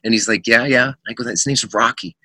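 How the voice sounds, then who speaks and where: A middle-aged man, a rock singer, telling animated stories in a casual podcast interview, acting out the voices of people in his anecdotes and laughing often. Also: mid-range voice, fairly quick, no room sound.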